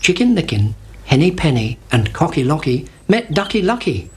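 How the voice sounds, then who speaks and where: Steady storybook narrator over birdsong. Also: medium pitch, moderate pace, very noisy. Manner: steady, clear, repetitive. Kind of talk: storybook reading for children. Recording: bird chirps behind.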